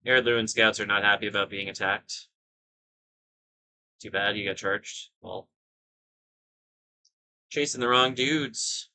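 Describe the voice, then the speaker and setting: Low, bright-voiced man thinking aloud. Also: fairly even intonation, takes it slowly, long pauses, low-quality recording. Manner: thinking aloud, rambling asides. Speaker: gaming video host. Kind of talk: casual gameplay commentary.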